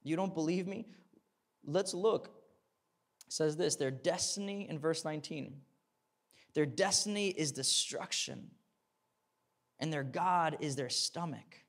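Young man, preacher, sermon, casual talk that climbs to fervent stress, slightly high voice. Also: animated, measured pace, long pauses. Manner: conversational, rising to fervent emphasis; repeats words and restarts, uses "like" and "right?".

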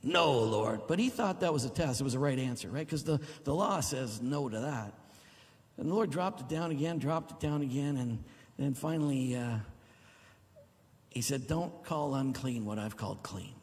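A middle-aged pastor preaches a sermon in a large church hall, exuberant and sometimes whooping, his mid-range voice expressive at a normal pace. The recording carries the long reverb of the hall.

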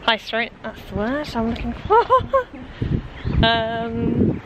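A woman's voice: a little high, takes it slowly, highs cut off. A young woman chatting casually to camera in a vlog, giggly and rambling with lots of "like" and "um". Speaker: vlogger. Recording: noisy handheld vlog recording.

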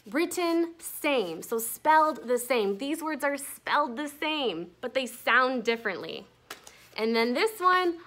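A woman's voice: sits high, pushed and bright. A young woman teacher explaining a grammar lesson patiently, spelling words out letter by letter.

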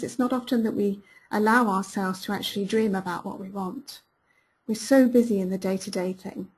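A woman's voice: medium pitch, husky. A woman business coach hosting a live webinar, upbeat and encouraging, who repeats her key questions to coax listeners into action. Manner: upbeat and encouraging, quick praise words. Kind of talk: live webinar talk, reading out listener comments.

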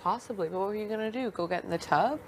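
A woman's voice: medium pitch, very fast. A woman chatting casually, reassuring her friends. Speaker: reality show houseguest. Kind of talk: casual chat. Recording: noisy live feed audio.

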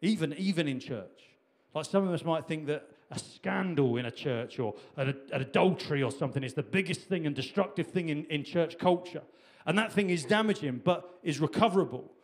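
A man's voice: on the high side, animated, a little fast. Man preaching a casual sermon. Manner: conversational preaching with repetitions and restarts. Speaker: pastor.

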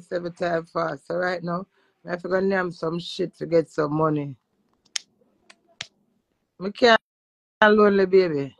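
A woman's voice: fairly low pitch, creaky, no room sound, rough recording. A Jamaican woman who is a social media influencer, chatting brashly and profanely in patois with her live-stream viewers. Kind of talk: casual live-stream chat.

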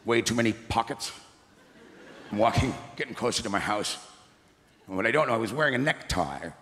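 A middle-aged man doing stand-up comedy on a large theatre stage, gruff and ranting with deadpan asides. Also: fairly low pitch, fairly quick, slight background noise. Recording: echoey theatre with loud laughing crowd.

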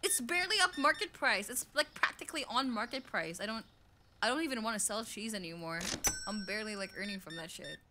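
A woman's voice: medium pitch, fairly quick, noisy background. A woman streaming a game, chatting casually with her chat, swearing often and breaking into squealing laughs.

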